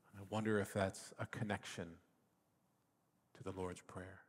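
A man's voice: sits low, little pitch movement, unhurried, pauses often. A man, a father, preaching a reflective sermon that sometimes sinks to a near whisper. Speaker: pastor. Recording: long reverb of a hall.

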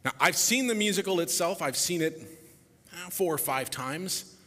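Man, reflective public talk, lively up-and-down delivery, bright voice, long hall reverb. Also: sits high, normal speed. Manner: animated, voice dropping softly at phrase ends. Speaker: speaker introducing a musical performance.

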